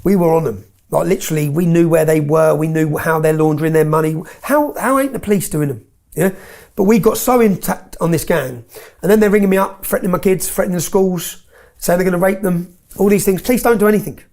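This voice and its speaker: A man's voice: high voice, fairly quick, vocal fry, darkish tone. A man telling stories with emphasis as an interview guest, often tagging his points with "yeah?". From England. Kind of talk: heated interview storytelling.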